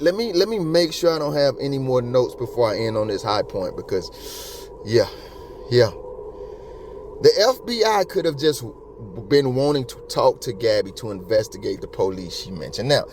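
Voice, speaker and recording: A man's voice: medium pitch, a little hiss or hum. A man giving heated casual commentary as a true-crime YouTuber, slangy and passionate, and he keeps calling his listeners homie and bro. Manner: passionate and repetitive.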